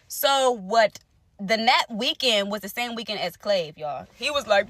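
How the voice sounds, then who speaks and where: A young woman telling viewers a personal story in casual vlog talk, animated and direct, acting out what others said. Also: slow, dry recording. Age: young adult. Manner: animated, talks straight to viewers, acts out quotes; wide swings in pitch and loudness. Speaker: storyteller vlogger.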